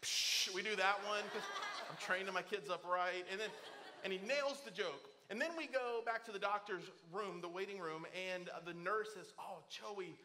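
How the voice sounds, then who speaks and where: Middle-aged male pastor, high, bright and forceful, animated storyteller who acts out the voices in his stories. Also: moderate pace, slight background noise. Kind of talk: sermon. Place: church auditorium.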